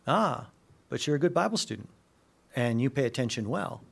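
A male preacher delivering a sermon at a medium pitch. He slides between quiet, low-spoken asides and loud, emphatic passages. Now and then he voices the people he quotes in animated, conversational tones. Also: moderate pace, creaky. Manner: acts out quoted dialogue in lively voices. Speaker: pastor.

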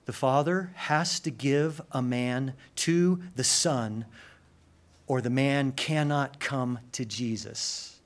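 A man preaching a sermon, swinging from loud urgent emphasis to hushed intensity, with casual slang asides. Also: medium pitch, slow. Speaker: pastor.

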